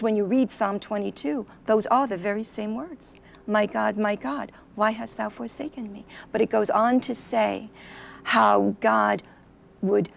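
A middle-aged woman giving a personal testimony in an interview, an animated storyteller who acts out the voices she quotes. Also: mid-range voice, vocal fry. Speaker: interview guest.

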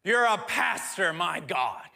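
A man's voice: sits high, big pitch swings, takes it slowly, gravelly, sharp tone, exaggerated voice. A man preacher voicing a stern father who scolds and questions his grown son firmly. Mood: scolding.

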